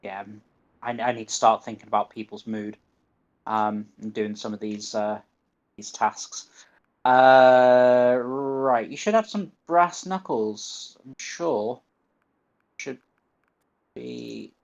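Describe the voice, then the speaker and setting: A man's voice: mid-range voice, animated, slow, pauses often, dull audio. A man with a Northern English accent giving live gameplay commentary, muttering to himself and reading game menu options aloud. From northern England. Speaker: gaming streamer.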